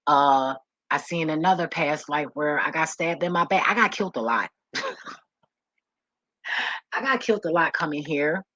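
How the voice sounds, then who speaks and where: Low husky-voiced woman telling stories candidly. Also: lively intonation, normal speed, long pauses, fairly bright tone, dry recording, rough recording. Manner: frank, profane, repeats words when emotional. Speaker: vlogger. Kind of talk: candid personal storytelling to camera.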